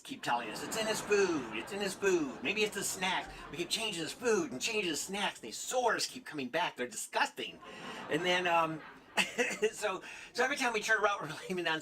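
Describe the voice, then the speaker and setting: A man's voice: high-pitched, sharp tone. A man doing a stand-up comedy set, rambling and self-mocking, laughing at his own jokes on stage before a live audience. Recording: live club audience and ambient noise.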